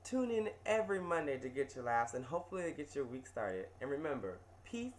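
Man, vlog host, comedic storytelling, animated, expressive, lively pitch. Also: a little fast, a little hiss or hum. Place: indoors on a couch.

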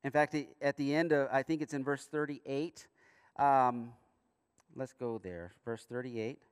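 Man, pastor, sermon, earnest and emphatic, smooth resonant voice, dry close mic in a reverberant church hall. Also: medium pitch, steady tone, measured pace. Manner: earnest preaching, rising emphatic bursts and quiet asides. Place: church sanctuary.

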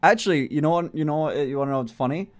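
Racing along in a fairly high-pitched voice, a young man on a livestream casually chats with viewers and reads their messages out loud. He's constantly joking, swearing, and breaking into laughter.

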